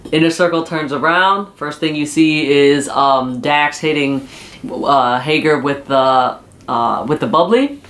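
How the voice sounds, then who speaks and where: A man's voice: a little high, unhurried, a bit bright. Man rambling through a wrestling recap. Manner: rambling, full of fillers like uh and you know. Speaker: wrestling show reviewer. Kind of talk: casual episode recap.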